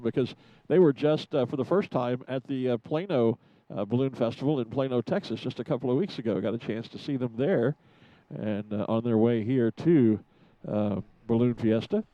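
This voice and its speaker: A man giving chatty live commentary from a rooftop studio, pausing often with fillers. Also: medium pitch, mellow, no room sound, highs cut off. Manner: chatty, hesitant with many fillers. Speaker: event commentator.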